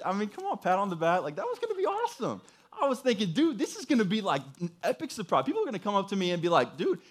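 A young adult man preaching a sermon by telling a personal story in a casual way, full of asides and rhetorical questions. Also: on the high side. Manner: casual storytelling, lots of "dude" and "right?". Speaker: pastor.

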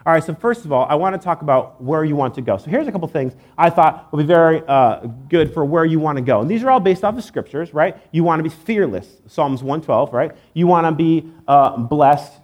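A man's voice: fairly high pitch, lively intonation, fairly quick, hardly any pauses, a little mellow. A man giving a sermon in church, conversational and joking, with many fillers. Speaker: pastor.

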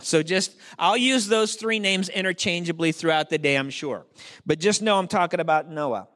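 A male pastor with a high voice and a fairly bright tone preaches at normal speed. His sermon is conversational, filled with rhetorical questions for the congregation and jokes at his own expense.

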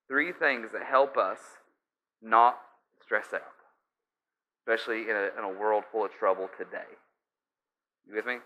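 Bright-voiced man preaching a sermon. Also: medium pitch, slight background noise. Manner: emphatic, repeats key phrases, frequent restarts. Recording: slightly dull lo-fi sound.

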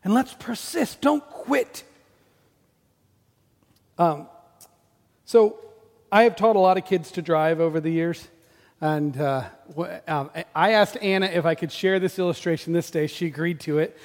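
A man in his forties preaching a sermon, telling a story about himself in an animated, self-deprecating way. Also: on the high side, moderate pace, long reverb tail. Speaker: pastor.

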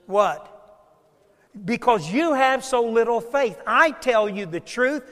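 A pastor with a high voice delivers a sermon slowly, his intonation lively and his words fading into a long hall reverb. Working through scripture, he alternates between loud, forceful declarations and soft, hushed asides.

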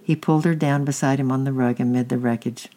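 Children's story reader, mellow tone, unhurried, halting, self-correcting. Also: medium pitch, steady tone. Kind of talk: children's story read aloud.

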